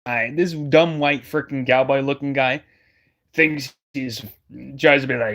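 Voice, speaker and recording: A man's voice: mid-range voice, a little slow, fairly bright tone. A man giving heated, scornful reaction commentary as a streamer, speaking straight to his viewers. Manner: emphatic, scornful, addresses the audience directly.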